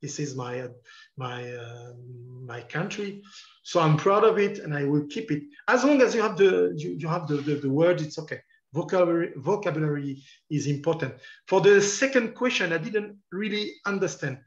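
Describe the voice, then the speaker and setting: A man's voice: a little high, expressive, moderate pace. French-accented man, echoey and muffled. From France. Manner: earnest, encouraging, repeats key words for emphasis. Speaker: guest journalist. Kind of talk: online panel talk.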